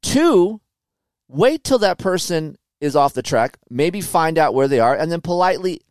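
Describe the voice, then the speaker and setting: A man telling a racing story on a podcast, animated and profane, loudly acting out quotes. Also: on the high side, normal speed, clear, resonant tone, no echo, studio quality. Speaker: guest, motocross racer.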